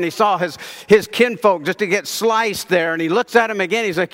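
Male preacher, slightly high voice, chatty sermon delivery, long hall reverb. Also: moderate pace, few pauses, a bit bright. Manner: conversational storytelling, asks the audience questions.

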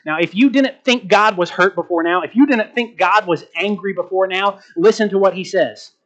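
A man preaching a sermon as pastor, slowing down to stress key words and asking rhetorical questions. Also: sits high, a bit bright, lo-fi sound. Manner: asks the congregation rhetorical questions.

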